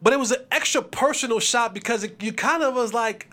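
A man hosting a sports podcast, giving opinionated commentary in an animated, preachy way and acting out quotes. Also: very high voice, a little fast.

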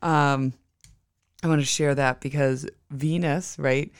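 A chatty podcast host spinning a casual story with a smooth, resonant voice at a middle pitch. The sound is dry and close, with no room echo. Other people's lines get acted out along the way. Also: slow pace. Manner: chatty, animated, acts out quoted dialogue.

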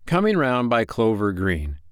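A man who hosts a podcast, reading a bedtime story aloud with a gentle, expressive manner. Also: on the low side, unhurried, clean tone, no echo, clean studio sound.

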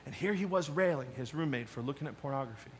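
A male pastor preaching a sermon, emphatic, moving between loud challenges and quiet asides. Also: medium pitch, expressive, quick pace, a little hiss or hum.

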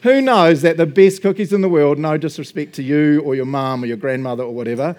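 A man, a pastor, gives a relaxed, chatty sermon. His voice sits a little on the high side. He jokes constantly and laughs between points. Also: fast talker. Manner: chatty and jokey, tag questions like "right?" and "eh?"; laughs often, acts out little quoted exchanges. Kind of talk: casual sermon.

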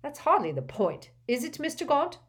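A woman's voice: high-pitched, big pitch swings, normal speed, pitched above the performer's own voice. Woman doing a stiff formal official guy, firm and proper.

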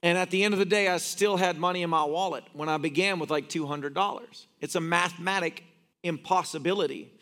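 A man's voice: high voice, a little fast, fairly bright tone. A man preaching a sermon as a pastor, telling stories and cracking jokes. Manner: joking storyteller. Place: church.

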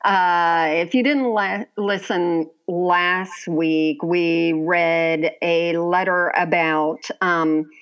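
A woman's voice: on the low side, steady tone, extremely slow, hardly any pauses, clean tone, dull audio. A woman co-hosting a casual podcast, chatting and reading a listener's letter in a wry, drawling way.

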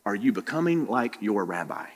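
A man with a low voice preaches to his congregation. He fires question after question at the room, and his words ring out with a long hall reverb. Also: very animated, normal speed, husky. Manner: preaching with many direct questions to the listeners. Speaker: pastor. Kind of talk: sermon. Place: church room.

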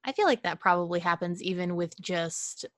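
A woman's voice: fairly low pitch, normal speed, dry recording. Casual woman podcast host, dry sound. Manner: relaxed, uses "like" often. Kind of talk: casual interview. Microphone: video call.

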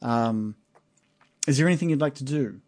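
A man running a tabletop game as game master, narrating in a halting way with many pauses, then speeding up. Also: mid-range voice, darkish tone, a little hiss or hum. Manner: halting, many fillers and restarts, then quick bursts.

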